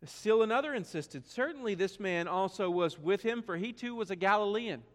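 A man's voice: sits high, expressive, normal speed. Southern man preaching in a big hall. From South Carolina. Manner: swings from hushed to loud and emphatic, rhetorical questions. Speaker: pastor. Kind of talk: sermon.

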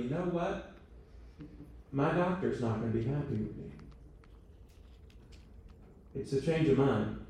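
A man's voice: a little high, a little mellow, distant mic. Man teaching in a very echoey room. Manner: conversational, checks in with the audience often; self-deprecating joking asides. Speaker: church teacher. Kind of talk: church training talk. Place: church meeting room.

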